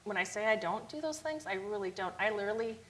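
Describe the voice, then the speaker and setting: Animated middle-aged woman telling stories. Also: quick pace, a little hiss or hum, low-quality recording. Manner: animated storyteller, acts out quotes in a higher voice. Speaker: founder of a youth outreach charity. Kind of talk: storytelling in a TV talk interview.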